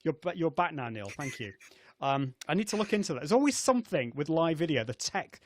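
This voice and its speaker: A man's voice: a little high, sing-song, brisk, a little hiss or hum. A middle-aged man hosting a live video show, chatty, with lots of fillers and restarts. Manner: chatty, many fillers and restarts, laughs often. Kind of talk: casual live-stream chat. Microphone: video call setup.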